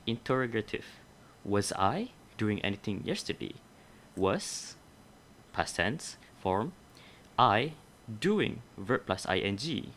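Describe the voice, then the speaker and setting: A man's voice: lowish voice, fairly bright tone, slight background noise. A young adult man teaching a grammar lesson, explaining methodically step by step and correcting himself along the way.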